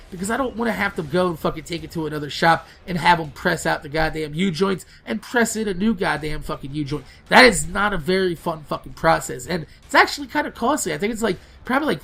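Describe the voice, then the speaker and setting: A young man casually telling a profane, animated story over gameplay. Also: high-pitched, gravelly. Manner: profane, animated storytelling, yelling in retold quotes. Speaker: gaming channel host.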